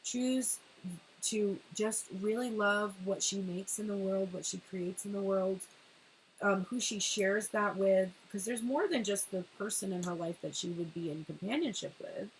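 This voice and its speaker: A woman doing a casual tarot reading, talking in an animated way, swearing and laughing often. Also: medium pitch, a little slow, a little hiss or hum, poor audio. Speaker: tarot reader.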